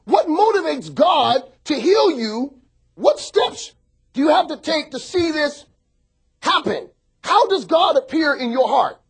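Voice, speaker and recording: A male pastor delivers a sermon in an extremely high, sing-song voice at a measured pace, joking with the congregation and swinging between soft asides and shouts.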